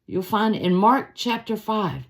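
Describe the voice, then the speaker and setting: A woman's voice: mid-range voice, a little slow. A woman hosting a daily devotional, teaching a Bible passage in a casual, conversational way and acting out the people in the story. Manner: lively, conversational, acts out the story's voices.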